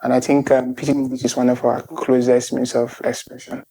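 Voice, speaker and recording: Animated Nigerian man, laughing guest. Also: mid-range voice, a little fast, husky, poor audio. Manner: animated, laughs while talking. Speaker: festival guest. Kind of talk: interview answers.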